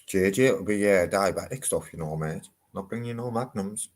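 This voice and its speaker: A man's voice: deep voice, a little fast. A man, talking in a casual, rambling vlog, swearing freely. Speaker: vlogger.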